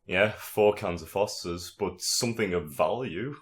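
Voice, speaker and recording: A man's voice: low-pitched, a little slow. A man chatting casually on a podcast, rambling through stories with dry jokes. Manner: dry, rambling storyteller with chuckles. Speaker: podcast co-host. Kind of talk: casual banter with friends.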